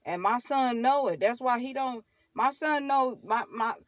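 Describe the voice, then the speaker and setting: In a dry recording, this tarot channel host, a middle-aged woman with a slightly high voice, chats directly to her audience at an unhurried pace. Her casual monologue is insistent and repetitive, full of laughter and the occasional sermonizing aside.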